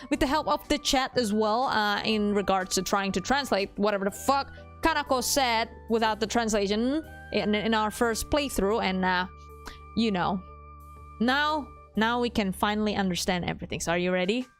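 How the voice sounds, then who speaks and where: A woman's voice: mid-range voice, normal speed, faint music behind. A woman streaming a visual novel, chatting casually, swearing freely, laughing often and nerding out about languages. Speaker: game streamer. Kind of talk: casual live gaming commentary.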